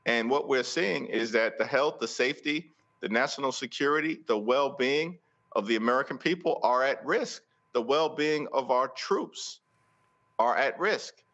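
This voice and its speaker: Forceful politician on a muffled line. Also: male voice, mid-range voice, normal speed. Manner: forceful, rhetorical, repeats phrases for emphasis. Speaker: congressional leader interviewed as guest. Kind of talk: political talk show commentary.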